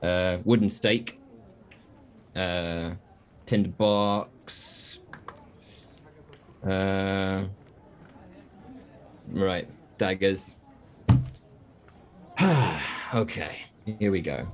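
A man playing a tabletop game, musing out loud about his character's actions with many fillers. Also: sits low, very slow, pauses often. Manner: musing, thinks aloud with fillers. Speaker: player. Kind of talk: casual tabletop game play.

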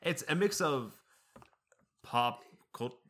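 A man's voice: medium pitch, expressive, slow pace, fairly bright tone. A young man co-hosting a casual podcast, chiming in with jokey asides. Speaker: podcast co-host. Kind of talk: casual chat.

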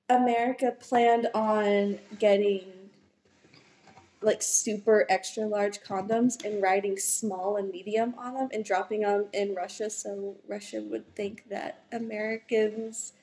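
A woman's voice: medium pitch, level tone, slow, dark tone. Giggly woman in an echoey room. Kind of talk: casual chat. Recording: echoey room with faint noise.

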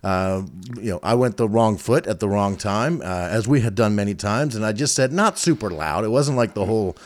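A man co-hosting a podcast in casual chat, an animated storyteller with many fillers. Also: fairly low pitch, normal speed. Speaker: podcast co-host.

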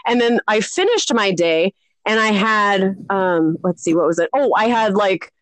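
A woman's voice: medium pitch, expressive, unhurried, a bit bright, dry recording. A woman co-hosting a podcast, telling a rambling story in casual chat, laughing often and poking fun at herself. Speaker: podcast co-host.

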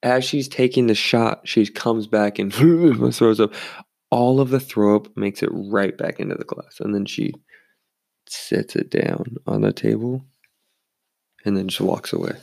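A man's voice: fairly low pitch, fairly even intonation, measured pace, gravelly, a little mellow, dry recording, clean studio sound. A young man who works as a bartender, telling rambling bar stories in a casual, swearing way and acting out the people he quotes. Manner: rambling, swears freely, acts out quoted voices. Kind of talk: casual storytelling.

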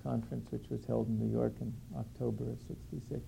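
A man reflectively recalling his past, speaking thoughtfully with many pauses. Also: mid-range voice, level tone, vocal fry, mellow, husky, poor audio. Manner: thoughtful, halting with fillers. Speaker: former draft resistance organizer. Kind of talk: reflective reminiscing.

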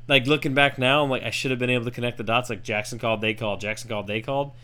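A man co-hosting a podcast and telling a story in casual chat, animated and jumping into high voices when he quotes people. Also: racing. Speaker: podcast co-host.

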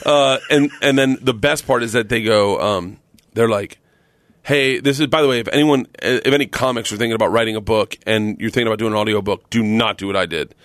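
A middle-aged man, a guest comedian, telling stories on a podcast in a casual, animated way, laughing often and acting out what others said. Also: lowish voice, a little fast, dry recording. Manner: animated, laughs often, acts out quoted voices.

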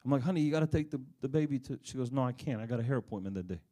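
A middle-aged man preaching, telling a family story in an animated way before turning soft and earnest. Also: medium pitch, racing. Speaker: pastor. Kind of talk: sermon with a personal story.

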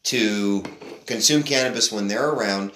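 A man's voice: lowish voice, unhurried, a bit bright, reverberant, slight background noise. Rambling middle-aged man telling a story. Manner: rambling, hesitant with many restarts. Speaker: podcast co-host. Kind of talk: casual storytelling chat.

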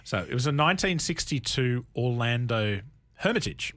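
A man hosting a wine talk show on radio, telling animated anecdotes in casual chat. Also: mid-range voice, normal speed, dry recording. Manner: animated storyteller, lively anecdotes with laughs. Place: radio studio.

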